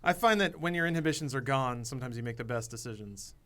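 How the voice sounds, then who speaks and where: A man's voice: mid-range voice, quick pace, fairly bright tone. A man co-hosting a gaming livestream, in casual, joking banter with a dry, sarcastic edge. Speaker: podcast co-host. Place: studio room, gaming livestream.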